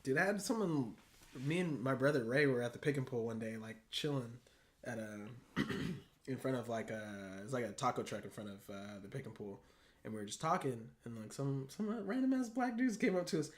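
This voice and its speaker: A man's voice: medium pitch, animated, fairly quick. A man co-hosting a casual podcast, talking in laid-back slangy banter and swearing freely. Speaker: podcast co-host. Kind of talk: casual chat.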